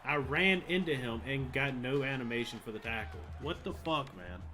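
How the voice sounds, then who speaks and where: A man's voice: mid-range voice, lively intonation, moderate pace, pushed and bright, soft background music. A young man giving live commentary over a football video game, frustrated and swearing as he rants about the plays. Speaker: gaming channel host.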